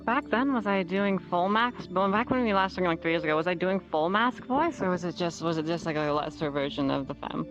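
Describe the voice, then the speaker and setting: A woman's voice: fairly low pitch, lively intonation, fairly quick, few pauses. Woman stream guest, hesitant restarts, dull lo-fi audio with music under it. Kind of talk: casual conversation.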